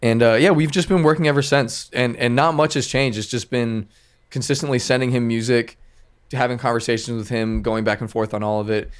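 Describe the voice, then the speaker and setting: A man's voice: mid-range voice, steady tone, brisk, smooth. A man who is a music producer, a podcast guest talking in a loose, rambling way with lots of fillers. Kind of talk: casual podcast chat.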